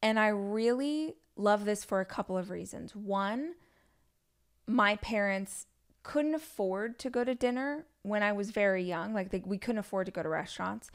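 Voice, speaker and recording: A woman's voice: medium pitch, normal speed, smooth. A woman in her forties hosting a podcast, telling candid, chatty stories about family life with frequent asides. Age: 40s. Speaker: podcast host. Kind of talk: solo podcast monologue.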